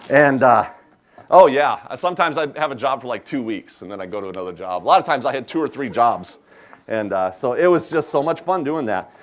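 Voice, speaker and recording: A man from South Dakota with an Upper Midwest American accent, chatting with a live audience in a folksy, joking way while demonstrating a cooking recipe. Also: medium pitch. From South Dakota, USA. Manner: chatty, folksy, self-deprecating humor. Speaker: chef giving a cooking demonstration.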